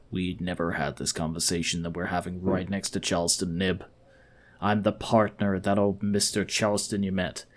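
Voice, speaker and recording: A man voicing a greedy, scheming male partner on a dig, speaking low and conspiratorially. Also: close to an everyday voice.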